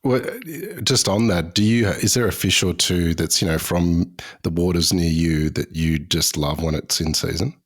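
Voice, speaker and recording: Podcast host, man, very low voice, unhurried interviewer. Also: steady tone. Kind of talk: interview question.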